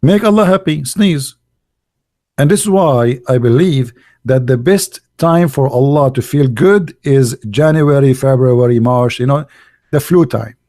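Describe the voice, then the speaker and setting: A man talking in a casual, sarcastic monologue, full of halting fillers and mockery. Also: mid-range voice, mellow, dry recording, studio quality. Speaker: online religious debater.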